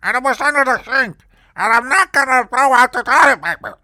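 A shrieking, stingy old landlady, put on by a male comedian, pitched far above his own voice. She scolds in a strained, unfamiliar tone and turns every R into a W sound. The recording is dry and close. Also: expressive, a little fast, pushed and bright, no echo, full character voice. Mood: indignant. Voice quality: pronounces every R as a W. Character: shrill penny-pinching landlady, older woman, cranky.

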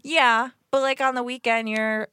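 A woman's voice: a little high, fairly even intonation, unhurried, bright, forceful tone, clear, resonant tone, no echo. A woman cohosting a podcast, chatting casually, laughing often and poking fun at herself. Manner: laughs often, self-deprecating. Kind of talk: casual chat.

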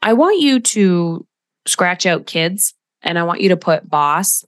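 A woman's voice: on the low side, expressive, slow pace, no room sound. A woman hosting a solo podcast, speaking as a coach in a direct manner with emphatic asides.

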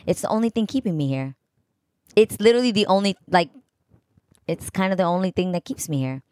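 A young woman from New York talks in a lowish voice with a clear New York accent. Her speech is animated and rambling, full of restarts and asides, and the recording is dry and close with no room sound. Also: a little fast, no echo. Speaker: guest co-host. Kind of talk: casual podcast chat.

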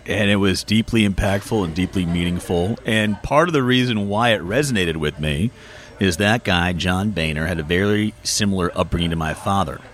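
Earnest low-voiced man in his thirties. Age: 30s. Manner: earnest, reflective, quick bursts. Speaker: author, guest. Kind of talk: personal storytelling. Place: bar.

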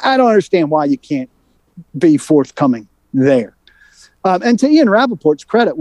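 A male sports reporter recounts a run-in on a sports talk show, his voice sitting a little high yet dark and mellow in tone. He talks fast and animated, stumbling over restarts as he gets worked up. The sound is dry and close, with no room around it. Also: no room sound. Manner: animated storytelling, quick and worked up, with many restarts. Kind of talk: casual sports radio talk.

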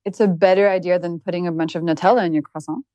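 A woman's voice: lowish voice, steady tone, fast, warm tone, no echo, highs cut off. A woman in her thirties with a French accent, a guest speaking in a direct, matter-of-fact way in a casual interview. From France. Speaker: guest, nutrition educator.

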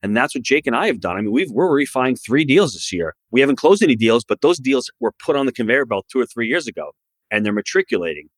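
A man's voice: mid-range voice, sing-song, fast talker, no room sound. A man who is a guest on a podcast, talking about real estate investing in an emphatic, promotional way. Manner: emphatic, promotional advice-giving. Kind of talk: podcast interview.

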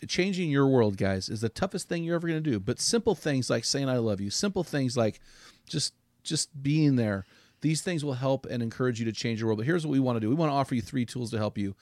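A man's voice: medium pitch, animated, brisk, darkish tone, dry recording, studio quality. A middle-aged man hosting a men's podcast, speaking in an earnest, heartfelt, preacherly way. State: choked up. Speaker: podcast host. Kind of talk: casual men's podcast talk.

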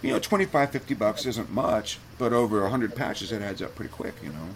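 A man's voice: lowish voice, big pitch swings, a little fast, a little hiss or hum. A man on a podcast as a guest, telling a personal story in a candid, heartfelt way that gets him choked up. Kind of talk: casual storytelling.

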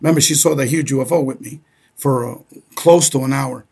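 Middle-aged Cuban-born man, gravelly and husky, chatty storyteller who keeps asking "okay?". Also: medium pitch, fairly quick. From Cuba. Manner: repeats "okay?" often, animated storyteller. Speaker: guest. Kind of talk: casual storytelling.

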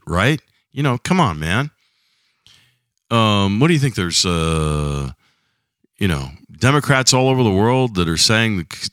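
A man's voice: low voice, sharp tone, no room sound, clean studio sound. A middle-aged man hosting a casual solo podcast, rambling and chatty with a slight lingering cough. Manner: rambling, chatty, self-deprecating. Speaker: podcast host.

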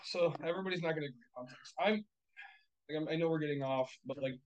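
A man's voice: on the high side, fast talker, darkish tone, low-quality recording. A man co-hosting a casual chat, talking bluntly and heatedly, swearing often and rambling with lots of fillers.

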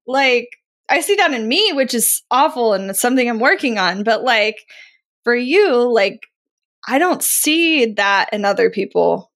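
A woman co-hosting a podcast chats in a lively way. Her voice sits slightly high. She often mimics other people's remarks as she makes her point. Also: measured pace. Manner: animated, quotes people in a raised voice. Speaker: podcast co-host. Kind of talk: casual chat.

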